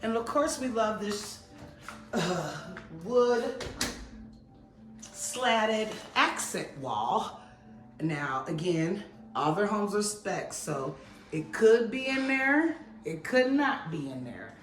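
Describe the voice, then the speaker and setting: Woman, slow and bubbly, home tour host, echoey rooms, a bit distant from the mic. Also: medium pitch, expressive, faint music behind. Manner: enthusiastic, gushing, exclaiming over details. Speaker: real estate agent giving a home tour. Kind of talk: casual walkthrough tour. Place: model home, walking through rooms.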